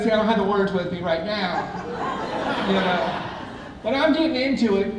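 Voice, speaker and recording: A man's voice: high-pitched, expressive, normal speed, long pauses, a little hiss or hum. A man performing a live stand-up routine on a theatre stage, telling chatty, self-mocking stories. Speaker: stand-up comedian. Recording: echoey theatre from far off.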